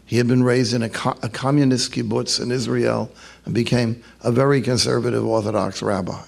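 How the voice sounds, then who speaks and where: An older New York priest tells funny stories to an audience, adding joking asides and putting on voices for the people in them. His voice is medium-pitched, gravelly, and brisk, with a flat delivery.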